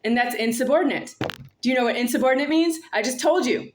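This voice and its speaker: Brief: woman, somewhat high voice, solo vlog, repetitive confrontational monologue. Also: quick pace. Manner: repetitive, confrontational, addresses an unseen "you". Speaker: vlogger. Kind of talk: rambling monologue to camera.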